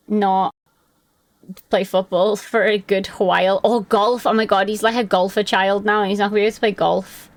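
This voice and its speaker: A young woman talks into a desk mic from her room, rambling through a casual live-stream chat. Her mid-pitched voice keeps a gravelly fry, and she drifts from one thought to the next. She answers viewers by name as she goes. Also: no room sound.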